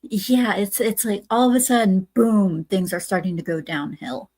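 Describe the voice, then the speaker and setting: A woman's voice: mid-range voice, normal speed, a little mellow, no room sound. Woman host recapping a film scene by scene, lots of uhs, dry close sound. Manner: retells scenes step by step with many fillers. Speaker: podcast host. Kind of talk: casual movie review chat.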